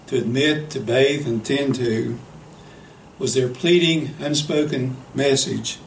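A man preaching a sermon, telling a story in an earnest, unhurried way and often saying "you know". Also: medium pitch, gravelly, a little hiss or hum. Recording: echoey hall, faint ambience.

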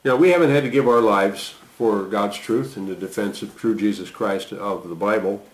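A man preaching a sermon, reading scripture aloud with a lifted voice and dropping into quiet, conversational asides. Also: moderate pace. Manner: lifts voice to read quoted lines, drops low for reflection. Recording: roomy echo.

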